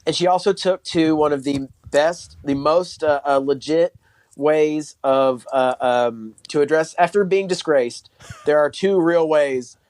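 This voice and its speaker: A man's voice: fairly high pitch, unhurried, a little mellow, no echo. A man co-hosting a comedy podcast, rambling casually with many restarts and swear words. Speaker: podcast co-host.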